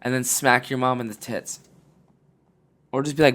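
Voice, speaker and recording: A young man hosts a podcast and gives casual advice. He is blunt and profane, joking constantly and breaking into loud, animated bursts. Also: mid-range voice, moderate pace, pauses often. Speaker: podcast host. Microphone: podcast mic.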